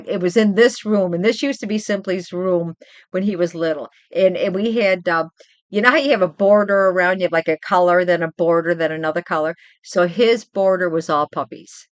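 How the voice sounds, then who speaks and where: A woman's voice: fairly low pitch, no room sound, dull audio. Chatty grandmother streamer, dry sound. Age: older. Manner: chatty, rambling, animated storytelling. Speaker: livestream host. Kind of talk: casual chat with viewers. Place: home.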